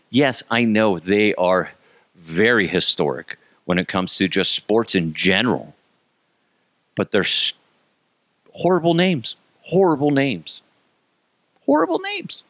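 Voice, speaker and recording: A man's voice: low-pitched, fairly bright tone, no room sound. A man in his thirties from Colorado, hosting a comedic solo rant and mocking things in a sarcastic way. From Colorado, USA. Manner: sarcastic, mocking, jumps into silly voices. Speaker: podcast host.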